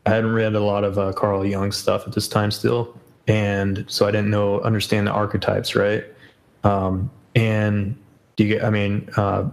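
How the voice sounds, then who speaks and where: A man's voice: fairly low pitch, flat delivery, moderate pace, creaky, low-quality recording. A man as a podcast guest in casual chat, rambling with many fillers and self-corrections.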